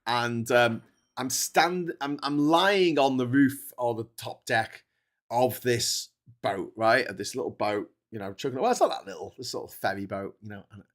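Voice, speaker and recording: A man's voice: medium pitch, lively intonation, moderate pace. A man hosting a livestream, telling a rambling travel story in a chatty way. He often breaks off mid-sentence and laughs at his own story. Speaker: livestream host.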